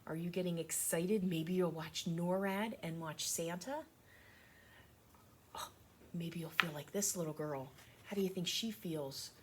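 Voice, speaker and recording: A woman teacher giving a remote lesson to young children, speaking slowly and in a sing-song way. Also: lowish voice, fairly bright tone, a little hiss or hum.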